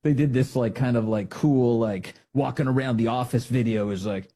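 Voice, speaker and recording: A man hosting a talk radio show, giving animated, sarcastic and emphatic opinion commentary. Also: medium pitch, normal speed, husky.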